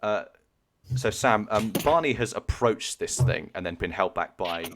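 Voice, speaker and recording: Game master, a deep-voiced man with halting, filler-heavy narration, heard over a video call. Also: lively intonation, background noise.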